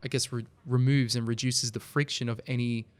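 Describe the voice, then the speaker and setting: A man's voice: medium pitch, fairly quick, no room sound. A man, a podcast guest, talking earnestly in a casual interview and telling stories. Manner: earnest, storytelling, animated when making a point. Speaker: podcast guest, video company founder.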